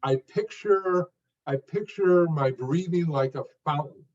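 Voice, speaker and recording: A man's voice: a little high, unhurried, a little mellow, recorded from a distance, dull audio. A man giving an interview answer as a speech coach, talking in short emphasized phrases with frequent restarts.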